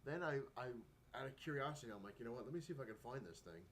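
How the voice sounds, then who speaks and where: A man's voice: medium pitch, animated, racing, a bit bright, slight background noise. A man vlogging casually about collecting comic books, rambling and chatty, with lots of fillers and acted-out quotes. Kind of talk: casual talking-to-camera vlog.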